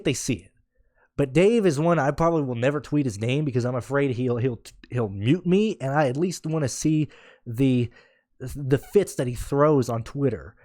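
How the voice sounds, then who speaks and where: A man's voice: on the high side, a little mellow, dry recording, studio quality. A man ranting in a casual podcast, blunt and sarcastic, swearing freely and rambling with restarts. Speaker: podcast host. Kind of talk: casual rant.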